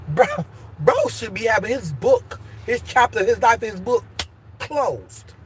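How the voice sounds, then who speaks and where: On a casual live stream, a woman with an expressive, higher-pitched voice talks at normal speed, with a little hiss or hum in the audio. Emphatic and profane, she moves between angry outbursts and warm encouragement.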